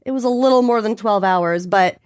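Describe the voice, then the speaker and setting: A woman's voice: medium pitch, brisk, darkish tone, clean tone, no room sound, clean studio sound. A woman co-hosting a podcast from her home office, chatting casually, laughing often and swearing freely. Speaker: podcast co-host. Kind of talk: casual chat.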